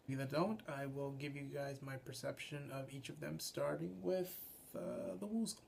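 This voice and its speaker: A young adult man, a puppeteer and voice actor, explaining his craft informally and haltingly, often restarting his sentences. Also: a little high, fairly even intonation, creaky, darkish tone, slight background noise. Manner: halting, restarts sentences, frequent filler sounds.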